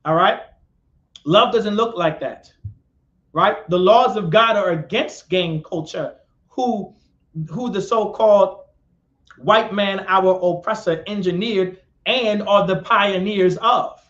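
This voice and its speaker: A man with a high, somewhat bright voice delivers a live-streamed lecture slowly, repeating himself as he goes. He asks his listeners questions and calls on them. The recording sounds dull and echoey, with lo-fi quality.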